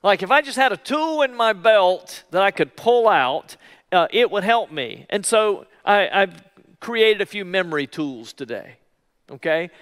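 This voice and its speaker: A male pastor preaching a sermon in an emphatic way, repeating key phrases slowly for weight. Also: sits high, sing-song, fairly bright tone, big-room sound. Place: church.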